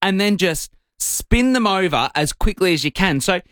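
A man's voice: high-pitched, moderate pace, no echo, clean studio sound. A man co-hosting a breakfast radio show, chatting in a playful, jokey way. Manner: playful, lively, jokey delivery. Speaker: radio co-host.

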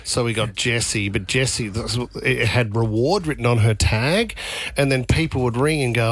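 A man's voice: mid-range voice, normal speed. An Australian man co-hosting a radio show, teasing and telling stories with energy. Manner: animated storyteller, teasing. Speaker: radio host. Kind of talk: casual radio banter.

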